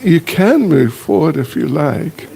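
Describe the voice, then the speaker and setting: An older man, a visiting monk, speaking to a congregation in a slow, teasing, self-deprecating way. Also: a little high, sing-song, creaky, dark tone. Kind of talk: casual joking address to a congregation.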